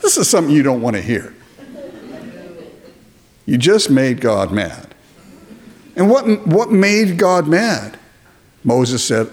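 Lively male pastor, slightly high, very expressive pitch, playful delivery. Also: slow pace, long pauses. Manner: animated, acts out dialogue, chuckles often. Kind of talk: sermon.

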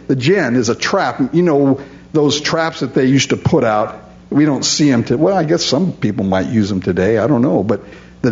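A man preaching a conversational Bible study, reading verses aloud and paraphrasing them with frequent chuckles. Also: medium pitch. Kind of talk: expository Bible teaching. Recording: dull lo-fi recording.

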